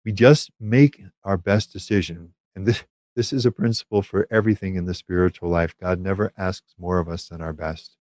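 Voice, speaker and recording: A man giving a calm, measured spiritual teaching on prayer, with small fillers and restarts. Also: sits low, no echo.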